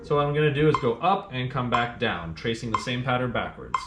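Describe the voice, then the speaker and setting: A man's voice: medium pitch, big pitch swings, fairly quick, heavy background noise. Man teaching piano in an echoey room. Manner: counts beats aloud and hums rhythms while playing; patient, plain instructions to the learner. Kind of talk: step-by-step music lesson. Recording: roomy sound with piano playing.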